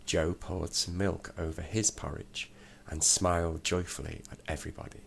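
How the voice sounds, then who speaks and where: A man reading a children's storybook aloud, steady and unhurried. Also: deep voice, creaky, a little hiss or hum.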